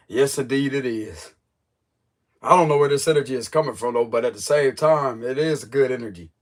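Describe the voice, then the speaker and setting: A man who reads tarot, telling a story in a loose, joking way full of slang. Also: medium pitch. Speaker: tarot reader. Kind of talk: casual storytelling chat.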